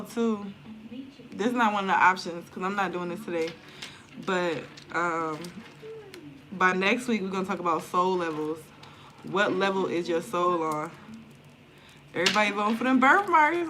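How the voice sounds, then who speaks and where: A woman's voice: lowish voice, fairly bright tone. A woman reading tarot and chatting casually to viewers on a live stream at home, slangy and loose, swearing freely. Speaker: tarot reader and spiritual content creator. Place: indoors at home near an open window. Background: outdoor noise through the window.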